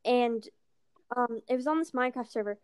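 A teenage girl chatting casually, telling animated stories and acting out what people said. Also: fairly high pitch, a little fast, smooth, no echo, clean studio sound. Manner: animated storytelling, acting out quotes. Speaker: storyteller. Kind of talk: casual chat.

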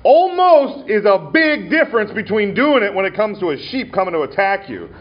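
Man preaching, slightly high voice. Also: big pitch swings, normal speed. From Montana. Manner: storytelling delivery with frequent fillers and restarts. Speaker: pastor. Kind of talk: sermon at an ordination ceremony. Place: church sanctuary. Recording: dull lo-fi church recording.

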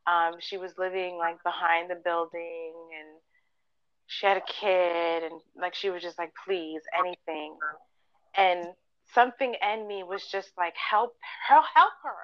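A woman's voice: lowish voice, steady tone, measured pace, clear, resonant tone, dry recording, dull audio. A woman co-hosting a podcast, telling personal stories in casual chat, earnest and full of fillers, acting out what people said. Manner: earnest storytelling, many fillers and acted-out quotes. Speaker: podcast co-host.

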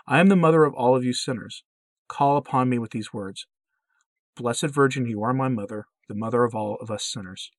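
A man reading as a gentle motherly heavenly lady. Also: medium pitch, brisk, dry recording, natural voice. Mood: gently pleading.

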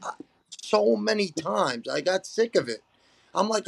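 A man's voice: high-pitched, lively intonation, measured pace, vocal fry, pauses often, slightly rough, no room sound. A man in his thirties hosting a casual chat, talking in an emphatic, profane way and calling his guests bro. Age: 30s.

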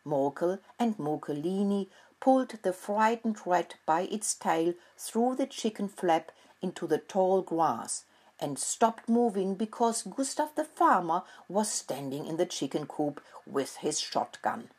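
A middle-aged woman telling a children's story in a gentle, unhurried way. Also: sits low, expressive, husky.

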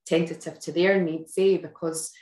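A woman's voice: fairly low pitch, fairly even intonation, moderate pace, a little mellow, reverberant, poor audio. A Scottish woman co-hosting a chat show, reflecting supportively on a guest's story. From Scotland. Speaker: co-host. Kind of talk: casual chat.

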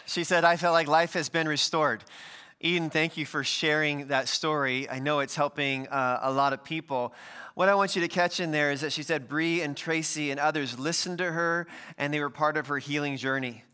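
A man's voice: a little high, moderate pace, pushed and bright, smooth. A man preaching as pastor in a friendly, conversational way, addressing the congregation directly. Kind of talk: sermon.

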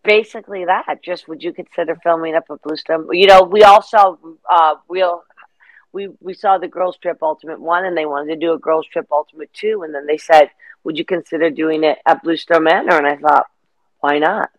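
A middle-aged woman as an interview guest, telling rambling, animated stories in casual chat. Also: sits low, moderate pace, dry recording, low-quality recording.

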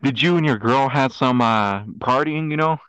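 A man's voice: medium pitch, moderate pace, a bit bright, clean tone, dry recording. A young man hosting a casual podcast chat, rambling with lots of fillers and laughing often. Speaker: podcast host. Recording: dull lo-fi dry sound.

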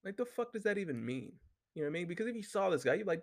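A man's voice: sits high, big pitch swings, racing, vocal fry, a little mellow. A man hosting a solo talk show, ranting casually and heatedly with constant swearing and lots of filler words. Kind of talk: casual profane rant.

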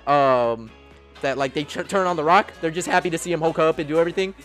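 A man's voice: a little high, fast, fairly bright tone, faint music behind. A man hosting a casual podcast, rambling through stories and acting out quotes with frequent laughs. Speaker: podcast host. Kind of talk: casual wrestling chat.

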